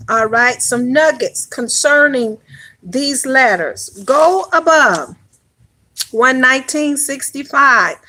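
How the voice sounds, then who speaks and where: A woman's voice: sits high, sharp tone. A woman pastor teaching a Hebrew alphabet class, checking in with "all right?" after almost every phrase. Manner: slow, deliberate instruction.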